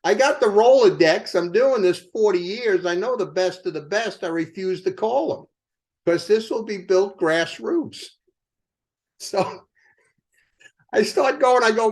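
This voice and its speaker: An older man with a high-pitched voice delivers a motivational sales talk. He tells it as a lively story and keeps asking his listeners rhetorical questions. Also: measured pace. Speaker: company co-founder speaking to sales team.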